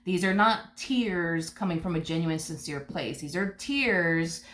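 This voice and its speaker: A woman's voice: lowish voice, lively intonation, measured pace, a bit bright. Chatty, sassy woman reading tarot. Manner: chatty, sassy, full of "um" and "you know". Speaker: tarot reader. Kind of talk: casual tarot reading monologue. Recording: roomy echo.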